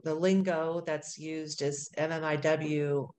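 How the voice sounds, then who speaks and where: A woman's voice: deep voice, steady tone, slow pace, a little mellow. A woman interviewer who affirms her guest and sums up what she has heard. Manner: affirming, summarizing back. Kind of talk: conversational interview.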